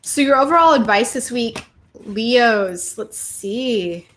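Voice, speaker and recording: A woman's voice: a little high, expressive, slow, fairly bright tone, a little hiss or hum. Bubbly woman giving tarot readings. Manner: bubbly, exclaiming, chatty with viewers. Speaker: astrology and tarot show host. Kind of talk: live-streamed tarot reading.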